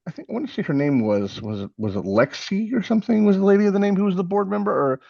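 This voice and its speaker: A man's voice: high voice, sing-song, quick pace, gravelly, dark tone, dry recording, highs cut off. A man in his forties from Texas, a podcast guest telling rambling, self-mocking stories and acting out the people he quotes. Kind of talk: casual interview storytelling.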